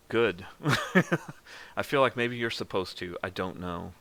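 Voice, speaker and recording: A man's voice: lowish voice, expressive, slow pace, a bit bright. A man narrating as game master of a tabletop game in a joking, self-deprecating way.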